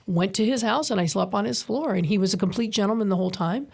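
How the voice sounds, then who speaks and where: This is a middle-aged woman from New York, a guest on a chat podcast. She tells her stories freely and bluntly, swears often, and bounces into little acted-out quotes. Her voice sits at an ordinary middle pitch. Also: fast talker, vocal fry, breathy edge. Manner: swears freely, animated storyteller acting out quotes.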